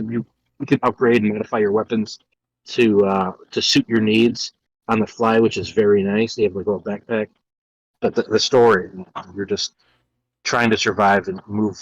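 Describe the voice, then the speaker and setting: A man's voice: fairly low pitch, breathy edge, dry recording, muffled recording. A young man co-hosting a podcast who rambles casually about a video game, with many restarts. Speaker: podcast co-host. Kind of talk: casual chat.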